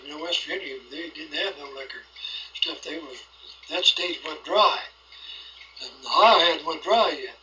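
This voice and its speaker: A man's voice: high-pitched, pushed and bright. An older man telling rambling stories from his own life in plain rural speech, recorded at home. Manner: rambling folksy storytelling with rural grammar. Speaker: storyteller. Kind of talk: recorded oral history. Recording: lo-fi 1980s home cassette.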